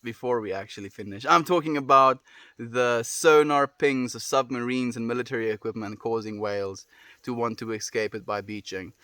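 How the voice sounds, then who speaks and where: A man with a South African accent, chatting casually and gently with viewers on a livestream, often trailing off softly at the ends of phrases. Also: medium pitch, normal speed, dry recording, clean studio sound. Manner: gentle, affirming, soft trailing endings.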